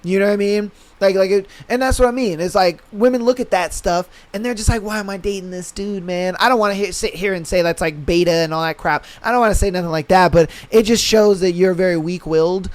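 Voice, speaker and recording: A man's voice: high voice, fast, hardly any pauses. A young man hosting a podcast, ranting bluntly in casual slang and profanity, often acting out what others say. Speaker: podcast host. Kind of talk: casual opinion rant.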